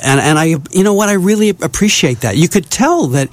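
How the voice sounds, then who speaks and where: A man's voice: high-pitched, lively intonation, a little fast. A man co-hosting a radio show, chatting about music in a thoughtful, easygoing way with frequent fillers. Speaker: radio co-host. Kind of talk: casual music talk.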